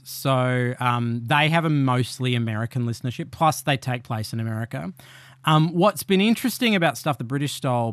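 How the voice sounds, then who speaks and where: A man, a podcast guest, talking in an animated, self-deprecating way with quick asides. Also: mid-range voice, no echo, clean studio sound. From Australia. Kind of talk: conversational interview. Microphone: remote call.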